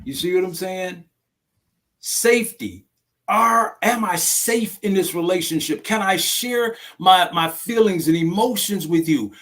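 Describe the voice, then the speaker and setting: High-voiced emphatic man preaching to a group. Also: measured pace, fairly bright tone. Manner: emphatic, preachy, keeps checking in with listeners. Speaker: domestic violence class facilitator. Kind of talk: group discussion.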